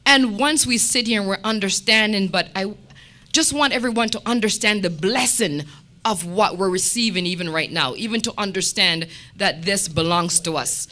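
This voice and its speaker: A woman sharing a testimony at a church meeting, telling stories with lively quoted dialogue. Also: medium pitch, normal speed. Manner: animated storytelling with quoted dialogue.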